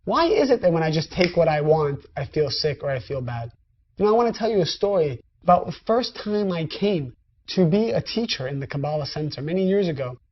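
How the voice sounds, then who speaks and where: A woman's voice: low voice, big pitch swings, a little fast. Woman teaching in a conversational way, lo-fi. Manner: conversational, direct address to listeners. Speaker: spiritual teacher. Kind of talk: recorded lecture.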